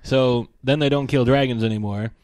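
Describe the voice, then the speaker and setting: A man's voice: medium pitch, fairly even intonation, normal speed, darkish tone, no room sound. Ranting man on a podcast. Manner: irreverent, profane ranting. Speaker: podcast co-host. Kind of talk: casual ranting podcast talk.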